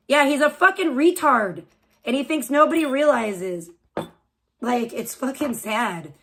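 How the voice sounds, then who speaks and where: A woman's voice: high-pitched, lively intonation, measured pace, fairly bright tone, husky. A woman live streamer ranting crudely, hurling insults and rambling on. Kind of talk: profane livestream rant.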